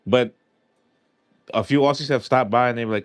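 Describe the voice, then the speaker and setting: A man's voice: mid-range voice, moderate pace, dry recording. A man hosting a live stream, chatting casually and earnestly with lots of fillers while scratching lottery tickets. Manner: rambling, heartfelt, filler-heavy.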